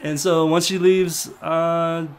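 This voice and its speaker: A man's voice: fairly high pitch, little pitch movement, slow pace, a little hiss or hum. A man co-hosting a casual review chat, rambling and hesitant, full of fillers and restarts. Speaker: podcast co-host.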